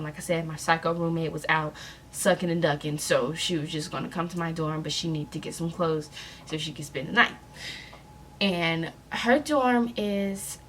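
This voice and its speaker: Young woman vlogger, animated and sassy, slightly low voice. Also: a little hiss or hum. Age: young adult. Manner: animated, sassy storytelling to viewers. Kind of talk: storytime vlog.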